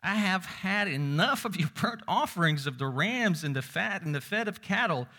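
Man preaching, bright tense tone, slightly higher voice, loud and soft swings. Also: expressive, moderate pace. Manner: preaching with dramatic shifts between loud emphasis and low quiet asides. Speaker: pastor. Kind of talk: sermon.

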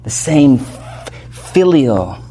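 A man preaching an expository sermon as pastor, emphatic, asking the congregation rhetorical questions and swinging between loud declarations and hushed passages. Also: medium pitch, big pitch swings, extremely slow, slightly rough.

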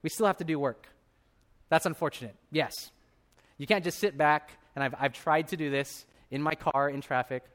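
A man in his thirties preaching a sermon as a pastor, telling a personal story with animated delivery and acted-out voices. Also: fairly high pitch, moderate pace.

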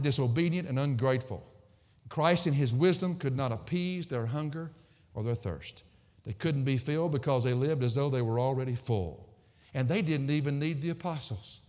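A middle-aged male pastor preaches emphatically, swinging from loud, sarcastic peaks to quiet, low endings. Hall reverb colors the recording.

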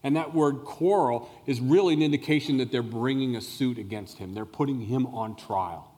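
A male pastor preaching a sermon, telling a Bible story with animated explanation and questions to the listeners. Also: mid-range voice, normal speed. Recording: long reverb of a large hall.

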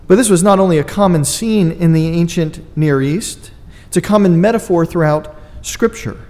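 A man's voice: fairly high pitch, normal speed, darkish tone, long reverb tail. A man preaching a sermon, earnest and emphatic, with dry asides to his congregation. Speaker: pastor.

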